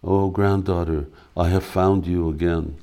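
A man's voice: deep voice, steady tone, unhurried, dark tone. A man voicing a timid, hesitant elderly female servant in a read-aloud drama.

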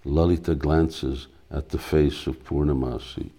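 A man reading a devotional drama aloud, slow and deliberate, with hesitant asides. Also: a bass voice, steady tone, warm tone, husky. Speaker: reader.

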